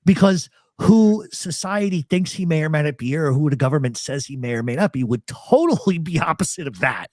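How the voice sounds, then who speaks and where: A man's voice: a little high, fairly quick, hardly any pauses, no echo. A man hosting a live talk show, telling stories in casual chat and acting out the voices of people he quotes. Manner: animated storyteller, acts out quoted voices.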